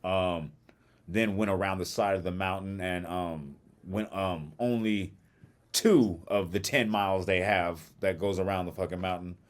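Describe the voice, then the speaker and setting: A man co-hosting a podcast, telling a long story in a casual, animated way and acting out other people's lines with plenty of swearing. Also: sits low, measured pace. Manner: animated storyteller, acts out quotes, swears freely. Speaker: podcast co-host.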